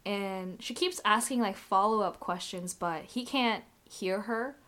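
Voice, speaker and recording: Casual woman co-host, mid pitch, rambling and giggly. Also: measured pace, fairly bright tone. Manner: chatty, lots of "like", laughs often. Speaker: podcast co-host recapping a drama. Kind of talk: casual chat.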